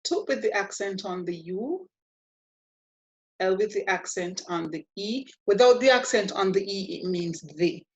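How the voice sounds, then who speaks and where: A woman talks through a language lesson at an unhurried, deliberate pace. Her manner is patient and a little playful, and she spells out every step carefully. Her voice sits at an ordinary middle pitch. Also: lively intonation, lo-fi sound. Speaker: Spanish teacher.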